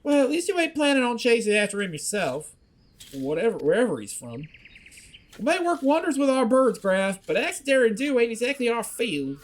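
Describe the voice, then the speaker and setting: A man's voice: very high-pitched, very animated, normal speed, pitched above the performer's own voice. A man voicing a plain-spoken, folksy male ranch hand. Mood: wry.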